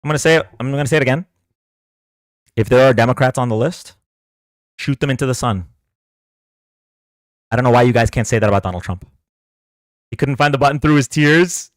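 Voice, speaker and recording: In a dry recording, a man with a mid-range voice speaks briskly but leaves long pauses. He's the host of a livestream political debate, ranting with combative sarcasm and taunting viewers to come argue.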